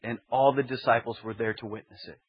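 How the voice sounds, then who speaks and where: A man's voice: medium pitch, steady tone, fairly quick, breathy edge. A man preaching as a pastor, teaching emphatically with building repetition. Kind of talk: expository sermon. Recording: dull lo-fi sermon recording.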